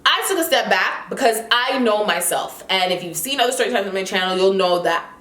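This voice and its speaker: A woman's voice: mid-range voice, expressive, fairly quick, a bit bright, a little hiss or hum. Young woman, vlogger, casual storytime, indignant retelling, echoey room. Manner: heated, indignant retelling with quoted dialogue.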